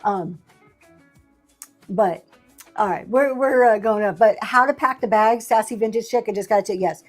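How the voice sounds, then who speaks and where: A woman's voice: mid-range voice, moderate pace, soft background music. A middle-aged woman hosting a livestream sale, chatting casually with a sassy, laughing manner. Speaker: livestream seller host. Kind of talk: casual chat.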